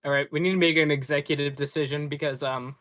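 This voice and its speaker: A man's voice: on the high side, fairly even intonation, quick pace, fairly bright tone. A man playing a tabletop game, hesitant and full of questions. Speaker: player. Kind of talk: casual tabletop chat.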